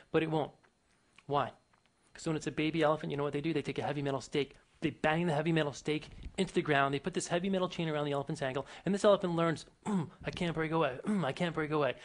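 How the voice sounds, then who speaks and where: A man giving a motivational speech to an audience, emphatic and full of rhetorical questions and stories. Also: a little high. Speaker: motivational speaker.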